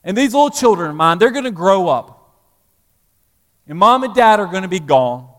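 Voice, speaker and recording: A middle-aged man preaching a sermon as pastor, animated, rising to loud emphasis then dropping low. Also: normal speed. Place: church sanctuary. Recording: long hall reverb in church.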